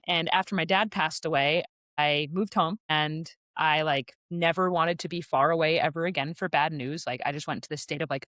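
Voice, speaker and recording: A woman in her thirties, a podcast guest telling her story in a casual, chatty way, full of "like" fillers and quick asides. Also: deep voice, fairly bright tone, dry recording, studio quality. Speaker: podcast guest, sales rep.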